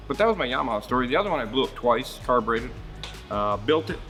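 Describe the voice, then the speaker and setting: A man's voice: mid-range voice, expressive, fast talker, fairly bright tone, faint music behind. Blunt, rambling man telling shop stories. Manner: blunt, rambling storyteller who swears freely. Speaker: marine service shop host. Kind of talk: casual shop talk.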